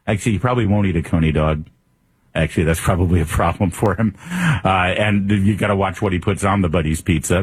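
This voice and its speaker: A male talk radio host with a low, husky voice and a sarcastic, combative manner. He delivers a political monologue in a dry, close-miked sound. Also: lively intonation, brisk, no echo.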